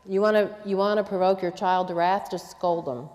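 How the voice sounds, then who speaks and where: A woman's voice: fairly low pitch, steady tone, moderate pace, darkish tone. An older woman teaching a conference sermon on parenting, earnest and plain-spoken, with quoted asides. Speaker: conference speaker. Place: church conference hall. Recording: long reverb in a hall.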